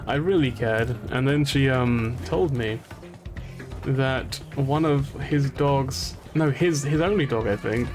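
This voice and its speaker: Speaking slowly in a medium-pitched voice over music, an English gamer offers casual commentary full of rambling anecdotes. He's animated, laughs often, and keeps starting his sentences over.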